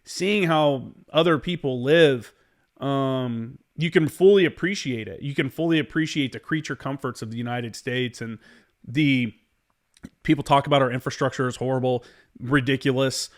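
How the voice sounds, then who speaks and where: A man's voice: mid-range voice, moderate pace. A man in a mid-range voice hosts a casual podcast chat. He talks bluntly, rambles and swears often, sounding like an everyday veteran speaking his mind. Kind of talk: casual conversation.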